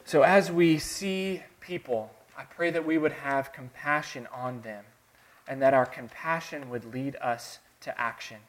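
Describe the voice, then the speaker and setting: A man from the American South preaching a sermon with a Southern accent, earnest, swinging between soft, quiet passages and emphatic, rising lines. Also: mid-range voice, unhurried. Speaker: pastor.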